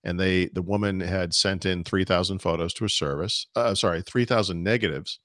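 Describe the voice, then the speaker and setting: A middle-aged American man with a low voice talks through a casual podcast chat. He rambles and restarts often on a close, dry mic. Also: brisk, a bit bright, dry recording. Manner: rambling, many restarts and asides. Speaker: podcast co-host.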